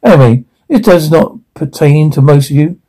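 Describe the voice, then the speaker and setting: A man with a gravelly voice delivering sitcom dialogue in halting bursts full of restarts. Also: fairly high pitch, lively intonation, dark tone, poor audio.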